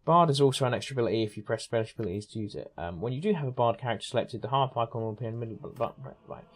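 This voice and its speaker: A chatty man streams a game and rambles through casual commentary, often circling back and correcting himself. His pitch is middle for a man. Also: very fast. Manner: chatty, rambling, self-interrupting. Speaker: gaming streamer. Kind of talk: casual let's-play commentary.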